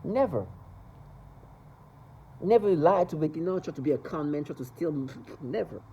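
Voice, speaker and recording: A man's voice: on the high side, expressive, moderate pace, warm tone, dull audio, slight background noise. A man talking to camera in a rambling, agitated monologue, repeating himself and stumbling over restarts.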